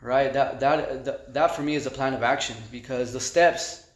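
A man giving personal testimony at a recovery meeting, halting and repeating words with conversational fillers. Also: medium pitch, steady tone. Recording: echoey room.

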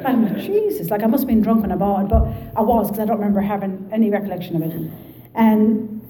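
A woman with an Irish Midlands accent telling her story at a recovery meeting, lively and joking. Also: mid-range voice, fast, roomy sound, poor audio. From Ireland. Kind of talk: personal testimony to an audience.

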